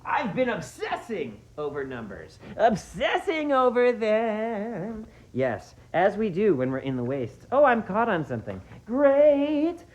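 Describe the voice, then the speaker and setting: A performer playing a goofy, rambling wasteland busker who talks to the audience between jokey songs on a guitar. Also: medium pitch. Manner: rambling, self-narrating, jokey. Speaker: in-world musical entertainer. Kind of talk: comedic in-character musical interlude. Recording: echoey room, dull lo-fi sound, loud guitar.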